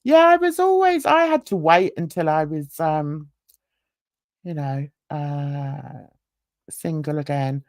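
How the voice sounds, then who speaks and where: A woman's voice: sits low, expressive, slow, a little mellow, no echo. A middle-aged woman hosts a casual online panel, chatting and rambling through her stories. Her voice rises and falls a lot, and the sound is close and dry. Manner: chatty, rambling, with many fillers. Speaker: livestream host.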